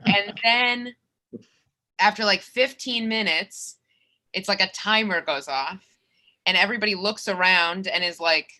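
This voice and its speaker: Young female comic, bright forceful tone, self-deprecating stand-up, video call from a bedroom. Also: medium pitch. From Minnesota, USA. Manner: animated, self-mocking, with quick restarts. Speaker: comedian. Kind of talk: stand-up comedy set. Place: her bedroom.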